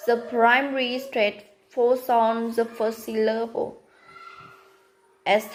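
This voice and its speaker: A woman whose first language is Vietnamese, reading a prepared class presentation slowly and carefully, pausing between words. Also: fairly high pitch, little pitch movement, low-quality recording. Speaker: student presenter.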